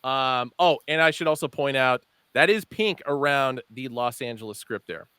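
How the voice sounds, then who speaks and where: A man's voice: medium pitch, normal speed, pushed and bright, clear, resonant tone, dry recording. A man co-hosting a casual podcast, reading off product details with lots of fillers. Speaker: podcast co-host presenting hat releases.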